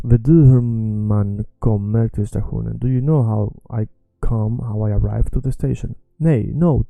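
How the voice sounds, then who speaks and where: A man teaching a language lesson, repeating phrases slowly and patiently. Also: medium pitch, gravelly, dark tone, dry recording.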